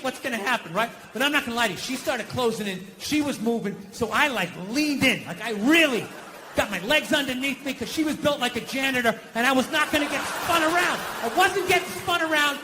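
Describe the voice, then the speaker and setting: A man doing profane, exasperated stand-up comedy, ranting and acting out shouted confrontations. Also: very high voice, fairly quick, background noise. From United States.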